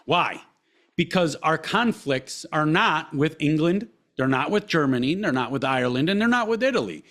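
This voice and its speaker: A man hosts his own podcast and rants alone into the mic. His voice sits a little high for a man, and he talks in a heated, emphatic way, swearing often and hammering the same phrases again and again. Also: expressive, normal speed, fairly bright tone. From United States. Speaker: podcast host. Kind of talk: impassioned solo podcast rant.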